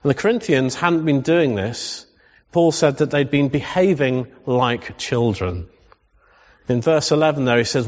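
A man with a somewhat high voice delivers a humorous, conversational sermon and keeps asking the congregation questions. His voice carries a long hall reverb, and the sound is a little dull. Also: expressive, moderate pace. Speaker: pastor.

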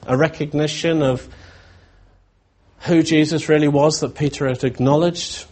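A man preaching a sermon in a reflective, searching way, often pausing and restarting his thoughts. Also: on the high side, fairly even intonation, a little mellow.

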